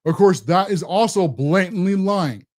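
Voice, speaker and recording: A man's voice: high-pitched, animated, moderate pace. A man hosting a political commentary show, ranting in a combative, sarcastic way. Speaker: host.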